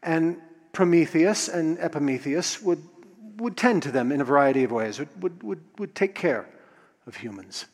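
A male storyteller recounting a myth with expressive emphasis, often restarting his phrases as he builds the scene. His voice sits a bit high for a man, and a long hall reverb trails behind every line. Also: moderate pace.

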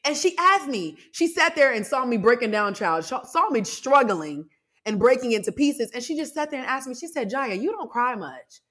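A young adult woman hosting a podcast, telling a personal story in a casual, animated way with asides to her listeners. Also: high voice, normal speed. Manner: lively, animated retelling with laughs and asides to listeners. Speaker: podcast host.

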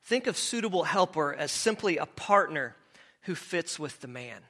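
A man preaching with a high, bright voice that sits well above most men's. He talks conversationally, restarting phrases and asking the room questions. It sounds like a pastor working through a message. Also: animated, moderate pace. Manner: conversational, asks the congregation questions, repeats words as he goes. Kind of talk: sermon.

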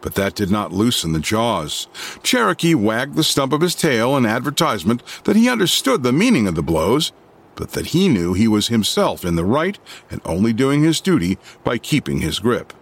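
A male narrator reading a classic novel aloud. His intonation is lively and full of movement, and his voice sits at a middle pitch. The reading is dramatic and expressive. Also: normal speed, slightly rough. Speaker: audiobook narrator.

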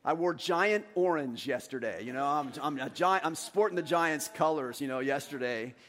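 A middle-aged man, a pastor, preaching a sermon with animated personal stories and earnest scripture reading. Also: on the high side, normal speed. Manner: storytelling, animated anecdotes then earnest reading.

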